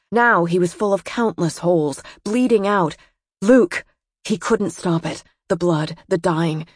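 A woman reading a novel aloud as an audiobook narrator, in a measured storytelling voice. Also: lowish voice, darkish tone, breathy edge, dry recording, studio quality. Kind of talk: scripted narration.

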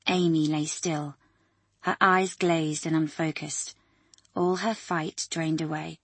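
Woman audiobook narrator, husky and lowish, dry close recording. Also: dry recording.

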